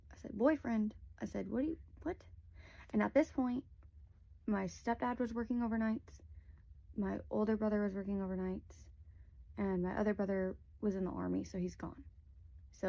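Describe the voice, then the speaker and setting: A woman's voice: mid-range voice, fairly even intonation, normal speed, gravelly, dark tone, no echo. A young woman telling a personal story in a casual, rambling way, full of "like" fillers, close to a phone mic.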